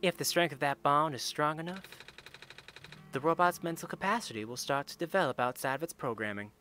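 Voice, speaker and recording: Man reading as a calm robot explainer. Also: fairly high pitch, fairly quick, pitched above the performer's own voice. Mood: solemn.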